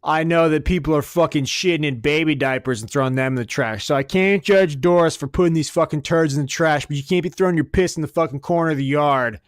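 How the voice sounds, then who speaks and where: A man's voice: on the high side, fast, few pauses, no room sound, clean studio sound. A man hosting a podcast, ranting crudely and sarcastically and swearing constantly. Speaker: podcast host. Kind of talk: profane comedic rant.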